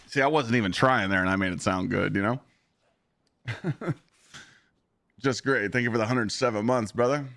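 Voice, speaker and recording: A hoarse man chatting casually on a live stream and telling a story with animated energy. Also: on the low side, moderate pace, pauses often, no room sound. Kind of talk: casual chat.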